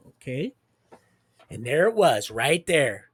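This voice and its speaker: A man with a gravelly, creaky voice delivers a rambling, preachy livestream monologue and speaks straight to his viewers. His pitch sits in a middle range, and the sound is close and dry with no room around it. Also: unhurried, no room sound. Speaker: livestream host.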